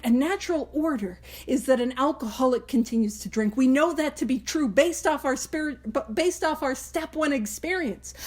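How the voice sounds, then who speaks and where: A woman's voice: high-pitched, darkish tone. A woman hosting a study podcast, talking earnestly and emphatically with playful asides. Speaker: podcast host leading a study group. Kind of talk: casual study talk.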